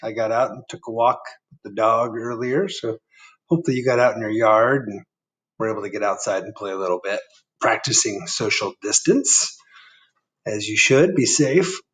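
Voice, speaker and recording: A man, a first grade teacher, reading a picture book aloud and chatting gently with children, asking them questions as he goes. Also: fairly low pitch, moderate pace, far from the mic. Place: indoor room.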